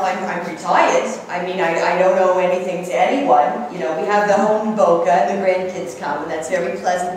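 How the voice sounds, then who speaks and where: A woman's voice: mid-range voice, a little hiss or hum, close to an everyday voice. A woman performing a giddy, gushing older retired accountant in a live one-woman stage comedy, laughing often and dropping into conspiratorial asides. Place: theater stage. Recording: echoey theater from a distant mic.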